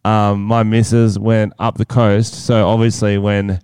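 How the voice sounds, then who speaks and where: Laid-back man, smooth voice. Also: on the low side, level tone, a little slow, darkish tone, no echo, clean studio sound. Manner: swearing, laid-back banter. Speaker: podcast co-host. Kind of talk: casual chat. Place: small podcast studio.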